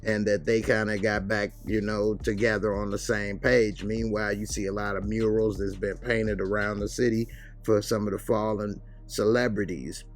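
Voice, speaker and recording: A man's voice: fairly low pitch, level tone. A man casually recapping a TV episode, retelling scenes in a loose, conversational way. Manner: loose, conversational retelling with quick acted quotes. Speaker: TV show reviewer.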